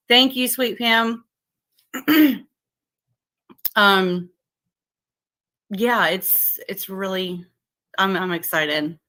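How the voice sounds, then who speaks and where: A woman with a light drawl chats slowly on a livestream, her bright, forward voice stopping and restarting around fillers. She keeps greeting viewers and saying how excited and thankful she is. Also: medium pitch. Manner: halting, many fillers and restarts. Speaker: livestream host.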